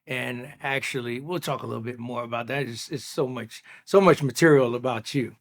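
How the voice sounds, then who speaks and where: A man's voice: medium pitch, normal speed. Enthusiastic male podcast host. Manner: enthusiastic, repeats words when starting. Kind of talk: interview hosting. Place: studio.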